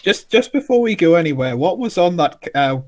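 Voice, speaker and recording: A man's voice: sits high, very animated, brisk. A man playing in a tabletop game, asking questions in character. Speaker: player. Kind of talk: in-character tabletop role-play.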